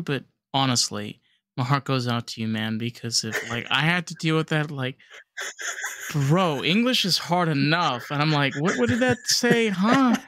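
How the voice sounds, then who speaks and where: A bright, keen-toned man hosting a podcast, joking and animated as he chats with his guest. His voice sits a little high for a man, and the sound is dry and close. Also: no echo. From United States. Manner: animated, joking, swears freely. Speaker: podcast host. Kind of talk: casual interview chat.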